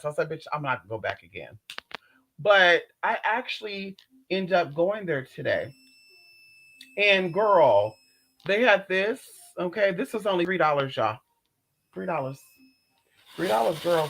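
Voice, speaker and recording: A vlogger films a laid-back haul at home, talkative and foul-mouthed, addressing her audience as "girl" and "y'all" and squealing in a high voice over each new buy. The recording is low quality, with slight background noise.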